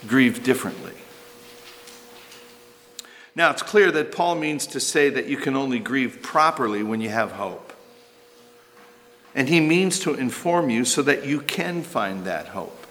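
A man's voice: mid-range voice, expressive, unhurried, a bit bright, big-room sound. A man preaching a sermon as pastor, earnest, with rhetorical questions and emphatic repetition.

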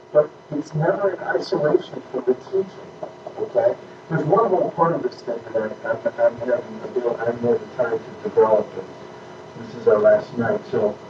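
A man teaching a church class on parenting, emphatic and conversational, often checking that his listeners follow. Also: medium pitch. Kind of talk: informal teaching talk with questions. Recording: echoey room, distant mic, muffled, noisy.

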